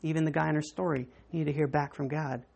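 A woman preacher delivers a sermon through vivid storytelling. Her voice is husky and breathy. She swings from hushed to soaring as she presses her points home. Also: low voice, fast talker. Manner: animated storytelling with dramatic swings.

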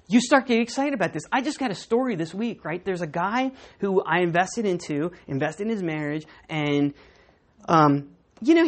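An older woman preaching a sermon as a pastor, talking in a lively, conversational way. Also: lowish voice. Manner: lively and conversational, acting out quotes and laughing.

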